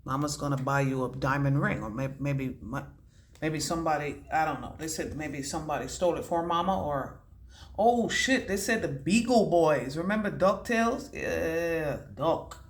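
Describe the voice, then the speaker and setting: A woman giving a casual psychic reading to camera, rambling from one thought to the next, swearing casually and slowing down to stress key words. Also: lowish voice, a bit bright. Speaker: intuitive reader.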